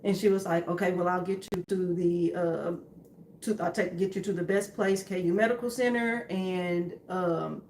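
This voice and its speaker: A young woman telling her story to her husband in a calm, matter-of-fact way, with many fillers. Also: lowish voice, normal speed, roomy sound, a little hiss or hum. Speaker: co-host, wife. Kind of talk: candid conversation with her husband.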